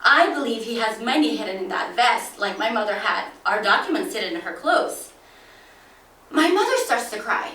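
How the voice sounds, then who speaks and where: A woman telling a dramatic first-person story, expressive, acting out each voice. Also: a little high, moderate pace. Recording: echoey room, from a distance.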